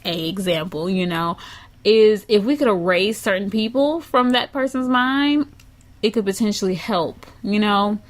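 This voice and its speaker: A woman's voice: medium pitch, normal speed. A woman co-hosting a podcast in casual chat, laid-back, reacting with short exclamations and laughter. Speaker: podcast co-host.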